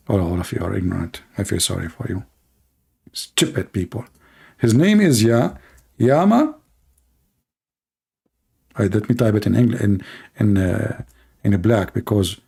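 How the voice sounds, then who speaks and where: A man with a fairly low, creaky, husky voice and a somewhat dark tone hosts a livestream. Speaking broken English, he delivers a mocking, sarcastic satirical monologue to his viewers.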